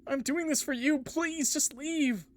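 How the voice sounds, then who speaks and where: A man's voice: very high-pitched, a little slow, voice pushed up. A man voicing a panicked game character who desperately pleads with the player to leave. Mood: frantic pleading.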